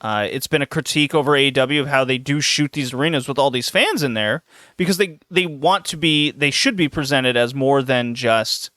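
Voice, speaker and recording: A man hosting a podcast, telling a story in a casual, animated way with lots of laughs and restarts. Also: medium pitch, brisk, dry recording, studio quality. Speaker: podcast host.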